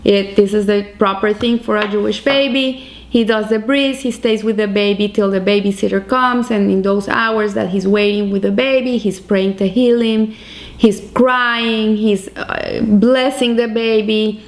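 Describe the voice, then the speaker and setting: A woman's voice: medium pitch, steady tone, a little slow. A woman teaching the weekly Torah portion, telling a story earnestly with emphatic rises in her voice.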